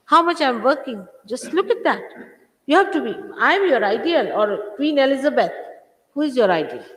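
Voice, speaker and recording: A woman's voice: high voice, big pitch swings, moderate pace. A woman, a spiritual teacher scolding her followers with emphatic rhetorical questions. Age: 60s. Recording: echoey hall, old 1980s recording.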